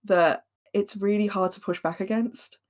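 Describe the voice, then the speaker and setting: A woman co-hosting a casual podcast chat, talking in a hesitant, thoughtful way with many pauses and fillers. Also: medium pitch, steady tone. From Britain. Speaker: podcast co-host.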